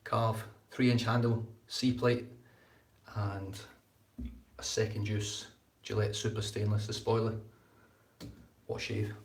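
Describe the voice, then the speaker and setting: A man's voice: on the low side, flat delivery, takes it slowly, long pauses, recorded from a distance. A man hosting a casual live-stream shaving chat, rambling and repeating his words as he talks. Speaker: shaving channel host. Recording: echoey room.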